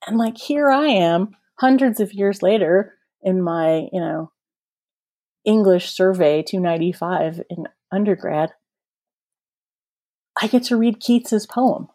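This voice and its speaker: A woman guest author talking casually on a podcast, effusive and gushing, slowing down to savor her points. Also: medium pitch, expressive, mellow. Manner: effusive, gushing, slows for emphasis.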